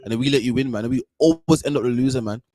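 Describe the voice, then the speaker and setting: A man hosting a talk show, ranting in a heated, animated way and tagging sentences with "man". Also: medium pitch, rapid-fire. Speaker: podcast host. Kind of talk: ranting casual commentary.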